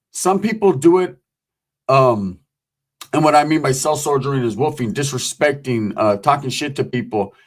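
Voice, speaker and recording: Profane streetwise man telling prison stories. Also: fairly high pitch. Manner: profane, streetwise, acts out voices in quotes. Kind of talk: casual storytelling.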